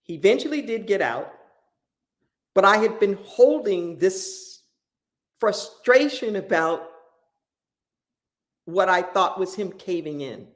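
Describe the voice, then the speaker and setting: Slow, impassioned preacher. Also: medium pitch, animated. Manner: impassioned, repeats key phrases. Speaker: pastor. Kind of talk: sermon storytelling.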